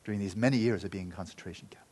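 A man giving a Buddhist dharma talk, telling a story in an earnest, loose way that often falls quiet. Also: fairly low pitch, very fast. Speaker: Buddhist teacher.

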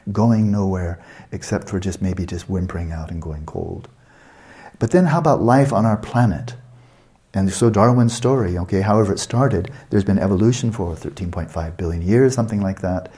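A man's voice: on the low side, normal speed, mellow. A man giving a spoken lecture as a meditation teacher, posing rhetorical questions with emphasis.

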